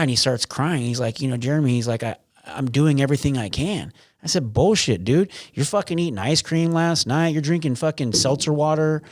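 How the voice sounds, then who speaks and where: A man's voice: medium pitch, dry recording, studio quality. A man talking as a podcast guest, blunt and frank, with lots of restarts and some swearing. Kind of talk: casual interview.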